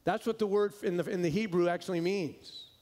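A pastor preaches to his congregation with a voice that sits somewhat high for a man. He leans hard on key words and stretches them out slowly. At times he sinks into a hushed, gentle delivery. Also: fairly even intonation. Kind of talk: sermon.

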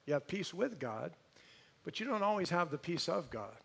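A man preaching a sermon, telling a story in an animated way and praying. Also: a little high, normal speed, vocal fry, slightly rough. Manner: storytelling, animated, imitates voices.

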